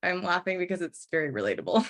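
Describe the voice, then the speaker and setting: Young female student, lowish voice, chatty and relatable. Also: lively intonation, fast, fairly bright tone. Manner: chatty, laughs, lots of "like". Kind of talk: casual class discussion.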